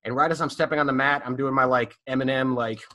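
A man telling stories in a casual, animated way, swearing freely and leaning on fillers. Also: mid-range voice, fast. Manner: animated, profane, full of fillers. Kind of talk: casual storytelling.

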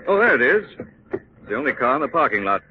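An actor playing a calm, commanding gentleman detective in a 1940s radio drama. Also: medium pitch, quick pace, dull audio, background noise, natural voice.

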